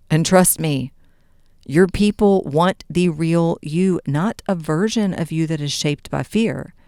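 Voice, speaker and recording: A woman delivers a motivational podcast monologue, switching between earnest coaching and playful, mock-dramatic asides. Her voice sits a little low and sounds smooth and clean. The recording is dry and close, with no room sound. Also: a little mellow, dry recording. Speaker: podcast host.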